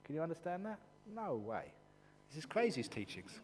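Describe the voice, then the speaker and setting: Playful monk giving a dharma talk. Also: male voice, on the high side, moderate pace, slightly rough. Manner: playful, animated, teasing, with sudden hushed passages. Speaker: Buddhist monk teacher. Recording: echoey hall with faint hum.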